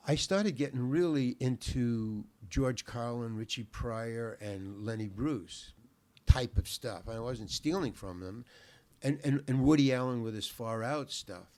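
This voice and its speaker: A man's voice: medium pitch, unhurried, a little mellow. An older man, a guest on a talk show, telling a long anecdote in a laid-back, rambling way, repeating words and cursing freely. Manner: laid-back, salty language.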